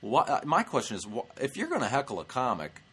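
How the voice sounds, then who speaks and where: Brash, lively man telling a comic story. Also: mid-range voice, quick pace, slightly rough. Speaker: stand-up comedian and show host.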